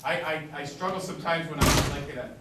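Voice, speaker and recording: A man's voice: fairly high pitch, quick pace, heavy background noise. A man giving a conference talk, telling anecdotes and acting out the dialogue as he goes. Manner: storytelling, acts out quoted dialogue. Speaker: symposium speaker. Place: lecture room. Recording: echoey room, distant mic.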